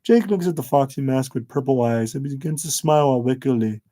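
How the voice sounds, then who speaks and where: Mellow-voiced man narrating a fan story. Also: mid-range voice, brisk.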